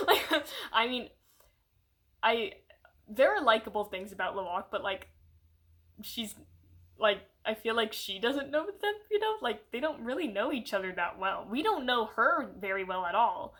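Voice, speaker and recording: A woman's voice: medium pitch, normal speed. Young woman rambling through a review. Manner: rambling, animated, heavy use of "like"; puts on voices when quoting characters. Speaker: video reviewer. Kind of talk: casual spoken movie review.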